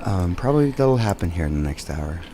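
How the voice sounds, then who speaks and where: Man, podcast co-host, dry teasing, low voice, casual studio chat, faint hum. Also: very animated, brisk.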